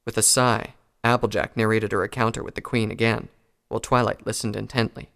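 A man reading a pony fan fiction story aloud in a calm, even storytelling voice. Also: fairly low pitch, fairly quick, gravelly. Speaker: narrator.

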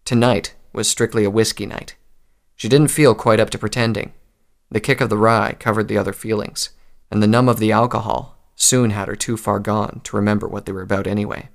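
A man reading a story aloud in a calm, measured narration. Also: on the low side, creaky.

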